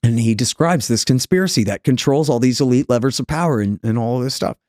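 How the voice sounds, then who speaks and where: A man from the United States, a podcast guest, talking in an animated way and acting out the people he quotes. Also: medium pitch, fairly quick, dry recording, studio quality. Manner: animated storyteller, acts out quoted voices. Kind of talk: conversational interview.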